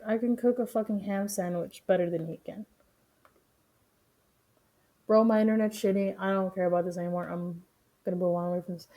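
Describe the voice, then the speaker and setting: A woman's voice: medium pitch, dark tone. A young woman streaming, casually reacting with profane, joking commentary.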